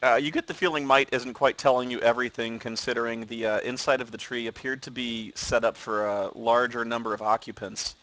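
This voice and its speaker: A man runs a tabletop game, narrating what the players find with a loose, filler-heavy delivery. His voice sits at a middle pitch with a bright, forward edge. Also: steady tone, brisk, few pauses. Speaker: game master.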